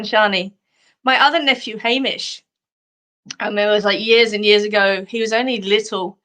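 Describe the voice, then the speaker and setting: Hosting a live stream, a middle-aged Australian woman speaks at normal speed in a mid-range, fairly bright voice with fairly even intonation. She's chatty and rambling, full of funny stories and frequent laughs.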